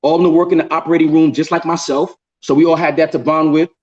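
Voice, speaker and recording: A man hosting a casual group chat on a video call, telling a story in an animated way and often repeating words. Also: a little high, fast talker, lo-fi sound. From New York. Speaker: show host.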